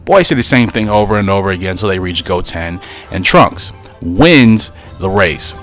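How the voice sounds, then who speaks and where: A man's voice: deep voice, lively intonation, moderate pace, fairly bright tone, soft background music. A man casually narrating a fan story aloud, correcting himself as he goes.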